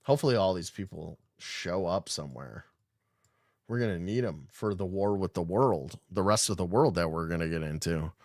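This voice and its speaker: A man's voice: deep voice, normal speed, no echo, clean studio sound. A man hosting a casual podcast, reading news aloud and riffing on it in a rambling, sarcastic way with frequent swearing. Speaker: podcast host.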